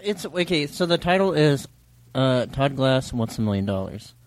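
A man's voice: mid-range voice, big pitch swings, moderate pace. A man chatting casually as a podcast co-host, making short, matter-of-fact remarks. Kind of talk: casual chat.

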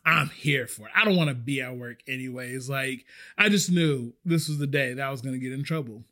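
A man casually telling a story about his restaurant job, animated and swearing freely. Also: medium pitch, fairly quick, hardly any pauses. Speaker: restaurant server.

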